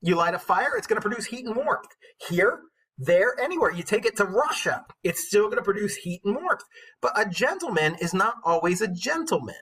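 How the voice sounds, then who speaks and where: A man's voice: high-pitched, very animated, a little fast, a bit bright, husky, poor audio. A man teaching an online English lesson, chatty and enthusiastic, with self-mocking asides.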